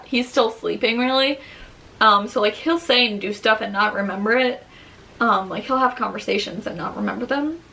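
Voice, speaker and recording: A woman's voice: mid-range voice, creaky, pushed and bright. A young woman, a new mother, chatting candidly to camera at home in a rambling way, full of "um" and "like". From Long Island, New York. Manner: rambling and candid, many fillers like "um" and "like". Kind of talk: casual chat. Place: at home near her baby's crib.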